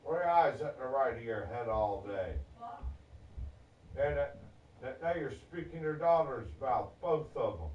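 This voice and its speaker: A man's voice: mid-range voice, animated, measured pace, slight background noise. A man delivering an angry, profane, rambling rant on his vlog. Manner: profane, agitated, disjointed. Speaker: vlogger. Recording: echoey, distant, muffled.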